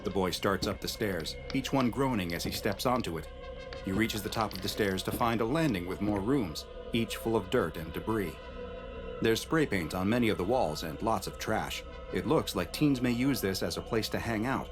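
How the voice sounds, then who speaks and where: A man reads a scripted horror tale at a measured, even pace, his voice pitched fairly low. Loud background music plays under his narration throughout. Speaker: narrator of the reacted video.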